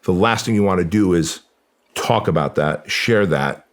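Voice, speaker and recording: A man's voice: deep voice, normal speed. A man in his forties, a guest on a podcast, telling a painful personal story in an earnest, raw, conversational way. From Armenia.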